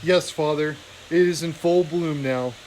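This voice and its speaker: A man's voice: on the high side, measured pace, a little mellow, slight background noise, natural voice, rough recording. A man reading aloud, voicing a young male warrior mouse, humble and grieving. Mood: earnest.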